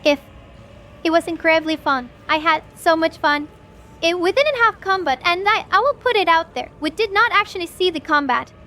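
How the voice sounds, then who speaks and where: Woman streamer, very high voice, excitable and gushy, lots of restarts; casual stream sign-off. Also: moderate pace, a little hiss or hum. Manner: gushing, excitable, stumbling over her words. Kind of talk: livestream wrap-up chat.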